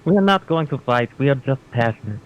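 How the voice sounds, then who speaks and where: A man's voice: mid-range voice, lively intonation, fast, highs cut off, slight background noise. A man playing his character in a tabletop game, talking in a brash, indignant way and dropping in Russian phrases. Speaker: player.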